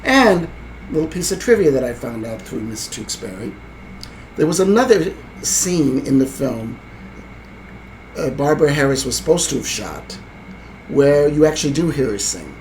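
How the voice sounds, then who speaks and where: A man's voice: medium pitch, big pitch swings, moderate pace, a little mellow, a little hiss or hum, poor audio. Rambling man retelling a film ending. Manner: rambling, hesitant storytelling with many fillers. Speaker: podcast co-host. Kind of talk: casual film discussion.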